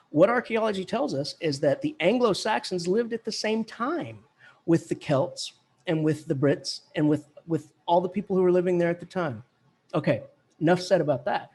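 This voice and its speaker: Husky-voiced man lecturing, chatty and jokey. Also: sits high, a little mellow. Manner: chatty, jokey, playful mock accents. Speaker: English professor lecturing. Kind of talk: lively classroom lecture.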